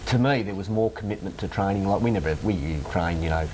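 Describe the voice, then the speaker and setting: A man's voice: sits low, brisk, darkish tone, slight background noise, low-quality recording. A middle-aged Australian man, a football coach guesting on a TV show, hesitant with many ums and restarts. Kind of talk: studio interview.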